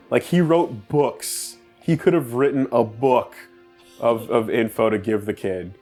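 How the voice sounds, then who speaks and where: A man's voice: mid-range voice, takes it slowly, darkish tone, faint music behind. A man hosting a game playthrough, chatting casually, rambling and joking with frequent laughs. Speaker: host.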